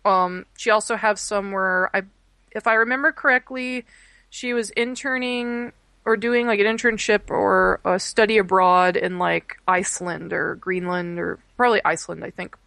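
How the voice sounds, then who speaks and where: A young woman from Texas talks in a loose, rambling way, full of fillers and restarts. Her voice carries a gravelly fry and sits at a middle pitch. The sound is dry and close. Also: fairly even intonation, normal speed, pushed and bright, no echo. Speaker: podcast guest, art education student. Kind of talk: casual chat.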